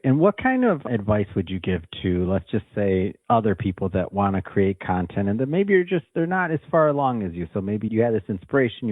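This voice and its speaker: Lively-voiced male host on a phone-like line. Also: fairly low pitch, dry recording. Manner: encouraging, rephrases his questions. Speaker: podcast host, interviewer. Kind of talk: casual interview questions. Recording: dry, narrow phone-like call audio.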